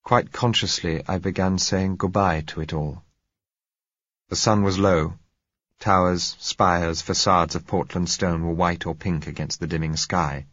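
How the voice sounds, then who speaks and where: A man narrating a novel in first person, in a measured, reflective way. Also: low-pitched, fairly bright tone, dry recording, muffled recording. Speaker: audiobook narrator.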